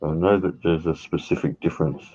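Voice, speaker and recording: A deep-voiced man with a husky edge, heard through a dull, lo-fi voice chat. He ribs his friend in a laid-back way and laughs easily. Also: steady tone, fairly quick, darkish tone. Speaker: gamer chatting with a friend. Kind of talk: casual banter over voice chat.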